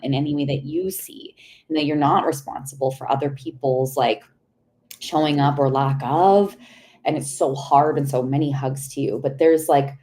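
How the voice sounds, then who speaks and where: A young woman giving a live intuitive tarot reading, rambling and searching for words, with sudden excited outbursts and casual swearing. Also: sits low, rough recording. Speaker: tarot reader.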